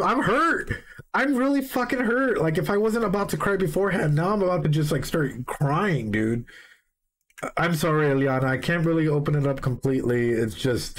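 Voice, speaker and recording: A man streaming a live reaction, reading song lyrics aloud and excitedly greeting his chat. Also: fairly high pitch. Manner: excitable, swears, greets chat members mid-sentence.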